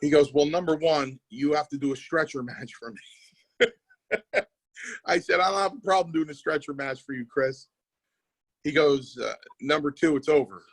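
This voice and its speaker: A man's voice: a little high, moderate pace, long pauses, husky, rough recording. A middle-aged man hosting a podcast, telling wrestling stories casually, repeating himself and swearing. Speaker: podcast host. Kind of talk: casual chat.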